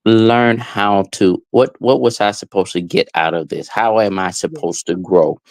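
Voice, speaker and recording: A man co-hosting a podcast, talking in a slow, reflective way. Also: on the low side, a little mellow, no echo. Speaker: podcast co-host. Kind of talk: casual podcast talk.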